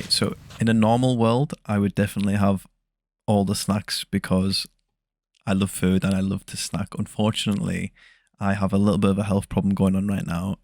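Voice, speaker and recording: Soft-spoken gravelly English man. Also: low voice, no echo, studio quality. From England. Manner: soft-spoken, hesitant with many ums. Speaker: guest ASMR creator. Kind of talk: soft-spoken interview chat.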